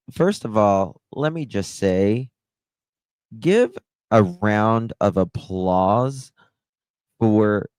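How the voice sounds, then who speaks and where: Slow, low-voiced impassioned male streamer. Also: darkish tone, clear, resonant tone, dry recording. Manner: impassioned and indignant, stretching words slowly; reads out and thanks chat viewers. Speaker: livestream host. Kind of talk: emotional live-stream commentary.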